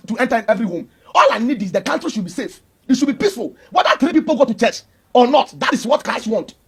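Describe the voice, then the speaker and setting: A man's voice: extremely high pitch, husky. A man, arguing emphatically and preachily in a heated religious debate and repeating his points. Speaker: Christian debater.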